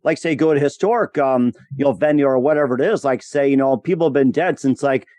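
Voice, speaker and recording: A man's voice: mid-range voice, quick pace, darkish tone, dry recording. A man hosting an interview, asking long rambling questions full of fillers. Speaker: podcast host.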